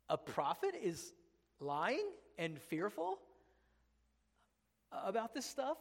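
A man's voice: high-pitched, very animated, measured pace, pauses often. A man preaching a sermon as pastor, emphatic and conversational, full of rhetorical questions to the congregation. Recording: long hall reverb.

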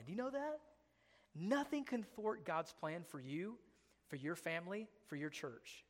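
A man's voice: sits high, expressive, measured pace. A man preaching a sermon as pastor, emphatic and conversational, full of rhetorical questions to the congregation. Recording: long hall reverb.

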